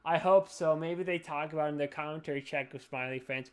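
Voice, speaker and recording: A man's voice: on the high side, fast talker, smooth. A drunk young man hosting a podcast, rambling and swearing as he chats. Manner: rambling, profane, slurry. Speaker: podcast host. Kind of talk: casual drunk chat.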